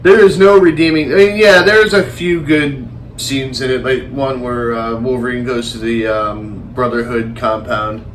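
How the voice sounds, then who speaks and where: A man co-hosting a casual movie review chat, talking in a rambling, animated way with some swearing. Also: medium pitch, unhurried, few pauses, slight background noise. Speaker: podcast co-host.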